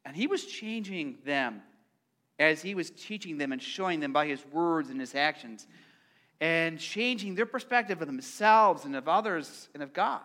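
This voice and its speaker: Bright, high-voiced male preacher. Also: expressive, normal speed. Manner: conversational, repeats words, engages congregation. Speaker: pastor. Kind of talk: sermon.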